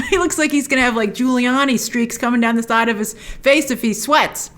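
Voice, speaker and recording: A woman's voice: fairly high pitch, fairly quick, few pauses, a bit bright. A woman hosting a film trailer review show, chatting through a breakdown with enthusiastic, playful asides. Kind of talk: casual trailer breakdown commentary.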